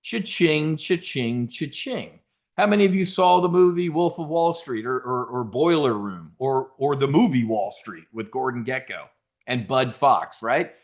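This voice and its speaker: A man giving an energetic trading seminar talk, brash and direct, joking with the audience. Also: mid-range voice, normal speed. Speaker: conference speaker.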